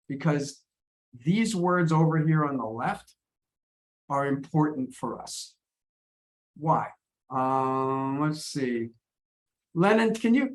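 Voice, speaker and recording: An American man teaching an English class over a video call, patient and encouraging, repeating words as he gathers his thoughts. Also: a little high.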